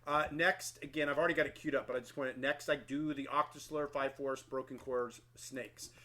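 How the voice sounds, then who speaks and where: A man's voice: mid-range voice, steady tone, fairly quick, bright, forceful tone. A middle-aged brass player casually walking through his daily practice routine, candid and self-deprecating, thinking aloud with small restarts. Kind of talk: casual instructional talk.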